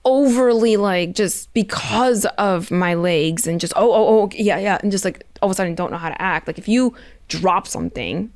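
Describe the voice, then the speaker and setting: A woman's voice: lowish voice, moderate pace, dry recording, studio quality. A woman in her thirties from Ukraine, chatting as an interview guest and acting out other people's voices. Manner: animated, acts out voices of others. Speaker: interview guest, Paralympic athlete. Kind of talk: casual interview chat.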